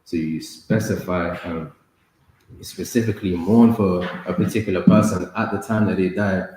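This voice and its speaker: A man with a low, deep voice talks through a Bible lesson and reads scripture in a measured way. The sound carries heavy echo from the room around him. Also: fairly even intonation, a little mellow, a little hiss or hum. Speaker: Bible study co-host and reader. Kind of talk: casual Bible study teaching and scripture reading. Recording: echoey room.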